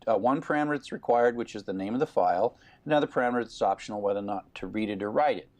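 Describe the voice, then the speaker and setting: A man's voice: on the low side, racing, darkish tone. A man giving a recorded programming lecture, explaining steadily with fillers.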